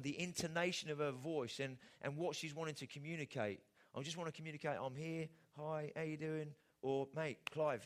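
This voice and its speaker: A middle-aged man preaching a sermon in a conversational way, often putting rhetorical questions to his listeners. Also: on the high side. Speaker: pastor.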